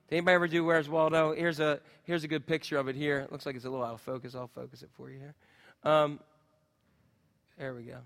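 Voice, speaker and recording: A man preaching a casual sermon, chatting with the congregation and filling pauses with ums. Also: a little high, a bit bright, in a large hall. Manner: chatty, talks with the crowd, many ums. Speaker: pastor.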